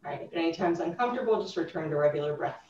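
A woman teaching a gentle chair yoga class, cueing breaths in a calm, instructive way. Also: low-pitched, rapid-fire. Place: yoga studio room, recorded live. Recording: roomy, distant, dull live class recording.

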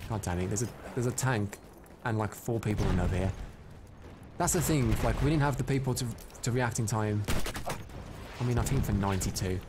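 A man giving live commentary over his own gameplay, excitable and prone to loud frustrated outbursts, chatting with his viewers between rounds. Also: medium pitch, noisy background. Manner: chats to viewers and reads out their comments. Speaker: live streamer.

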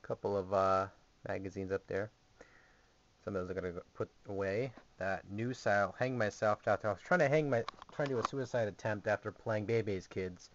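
A man's voice: lowish voice, moderate pace. Rambling young man with lo-fi audio. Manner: rambling, jokey and sarcastic. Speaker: vlogger. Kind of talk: casual home video tour. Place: small gaming closet indoors.

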